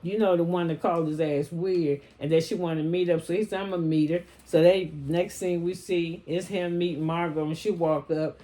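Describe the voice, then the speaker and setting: A woman with a lowish voice recaps a show in loose, casual chat. She is blunt and swears freely, dropping into the voices of the people she quotes without stopping the story. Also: steady tone, normal speed, few pauses, dark tone. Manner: blunt, profane, slangy storytelling; acts out quoted lines in passing.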